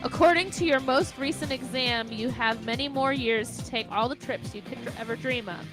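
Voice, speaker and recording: A radio co-host with a high woman's voice reads a news item aloud, tripping over words and starting again. Music plays clearly behind her. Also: moderate pace, low-quality recording. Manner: stumbles and restarts while reading. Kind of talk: reading a news story aloud on a radio show.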